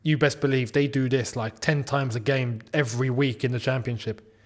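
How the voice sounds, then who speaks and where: A man's voice: mid-range voice, moderate pace. A young man hosting a live football watchalong, reacting to each play and scolding players as if they could hear him. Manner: animated, exclaiming and scolding players directly. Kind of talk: live match reaction commentary.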